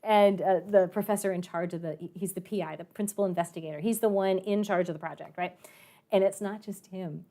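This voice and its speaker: A woman's voice: mid-range voice, steady tone, brisk, mellow. A woman math and science teacher telling a story to her students in a chatty way, with many fillers and acted-out quotes. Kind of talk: storytelling to students in an online class.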